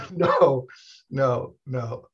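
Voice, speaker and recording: Husky man telling rambling stories. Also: medium pitch, extremely slow, muffled recording. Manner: rambling storyteller, many restarts and fillers. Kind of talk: casual chat.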